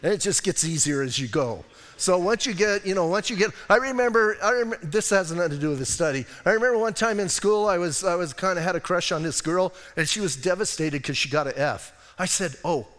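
An American man preaching a sermon as a pastor, expressive, moving between hushed moments and loud, emphatic stretches. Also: sits high, brisk, big-room sound. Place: church sanctuary.

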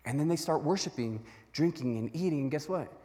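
A man preaching a sermon as a pastor, telling Bible stories in an animated way and acting out their voices. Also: fairly high pitch, a little fast, in a large hall. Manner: animated storytelling with acted-out voices.

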